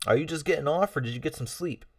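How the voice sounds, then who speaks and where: A man hosts a casual livestream, reading out chat messages and talking with viewers in a friendly, rambling style packed with fillers and chuckles. His voice is a little high and fast, recorded dry and clean in a studio but from a distant mic.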